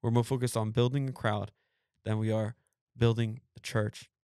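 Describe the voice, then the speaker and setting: A man's voice: mid-range voice, flat delivery, moderate pace, mellow, clean tone, no room sound, clean studio sound. A man hosting a podcast, preaching emphatically, reading scripture and repeating phrases for emphasis. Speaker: podcast host.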